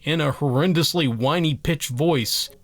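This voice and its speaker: A man's voice: a little high, unhurried, no room sound. A man narrating a scripted story in a sarcastic, exasperated manner.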